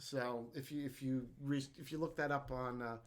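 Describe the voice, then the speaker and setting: A man co-hosting a podcast in casual chat, agreeing often and pausing to find his words. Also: mid-range voice, steady tone. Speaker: podcast co-host.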